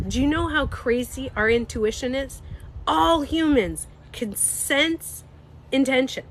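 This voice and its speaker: A woman beauty coach chatting candidly on a livestream, animated, swearing freely and laughing often. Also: high voice, slight background noise. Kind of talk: casual livestream chat.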